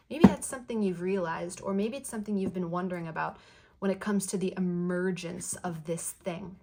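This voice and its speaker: A woman giving a channeled tarot card reading in a soft, flowing way, affirming the listener and repeating phrases. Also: on the low side, a little fast, gravelly, slight background noise. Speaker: tarot reader.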